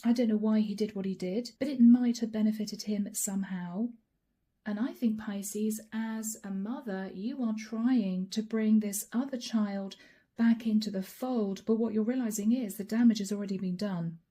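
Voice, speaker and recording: A woman giving a channeled tarot reading in a hoarse, raspy voice that is fading, speaking softly with whispered asides. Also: medium pitch, normal speed. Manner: soft-spoken with whispered asides. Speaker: tarot card reader.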